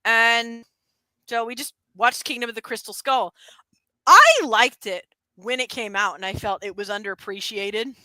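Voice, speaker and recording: A woman hosts a laid-back stream, her voice on the higher side and sharply bright. She chats in a lively way, breaking into laughs and excited rants. The sound is dry and close. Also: normal speed, no echo, poor audio. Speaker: streamer host. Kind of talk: casual chat.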